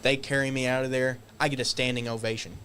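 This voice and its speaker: A man guest on a podcast, telling stories casually, animated and swearing, acting out shouted quotes. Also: medium pitch, quick pace, slight background noise. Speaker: guest wrestler. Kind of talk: casual storytelling.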